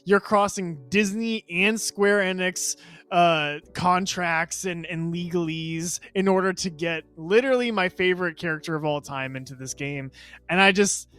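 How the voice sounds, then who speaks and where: 爱笑的男播客主持. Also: male voice, high-pitched, moderate pace, fairly bright tone, smooth, faint music behind. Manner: rambling, enthusiastic, laughs often. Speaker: podcast co-host. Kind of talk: casual gaming chat.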